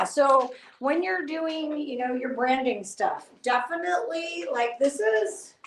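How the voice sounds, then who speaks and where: A woman's voice: fairly high pitch, a bit bright, reverberant, recorded from a distance, low-quality recording. A woman hosting a casual livestream from her home studio, chatting in a rambling way with lots of fillers. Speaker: nail artist livestream host. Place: home studio with dogs around.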